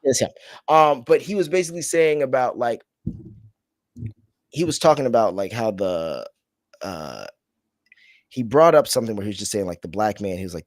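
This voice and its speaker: A man's voice: medium pitch, expressive, brisk, long pauses, no room sound, studio quality. A man hosting a casual podcast chat, rambling and trailing off as he searches for names. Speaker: podcast host.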